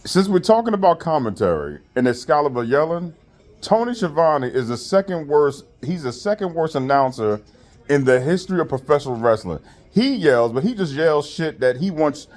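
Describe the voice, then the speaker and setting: A man's voice: on the high side, sing-song, normal speed, a little mellow, faint music behind. A man giving a profane, mocking rant while reviewing a wrestling show. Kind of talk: casual rant.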